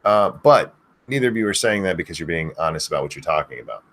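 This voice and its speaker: A man's voice: sits low, lively intonation, fast talker, fairly bright tone. A man from the United States, co-hosting a casual talk show, blunt and opinionated. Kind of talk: casual podcast chat.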